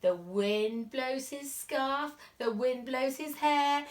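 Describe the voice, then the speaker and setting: A woman teacher reading a picture book aloud to young children, animated and expressive, dropping to whispers at tense moments. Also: a little high, slow pace. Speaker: reception class teacher.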